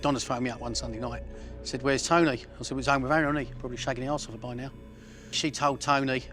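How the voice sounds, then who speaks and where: A man's voice: medium pitch, steady tone, quick pace, pushed and bright, faint music behind. A man, recounting a violent episode in blunt, coarse words. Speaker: interviewee.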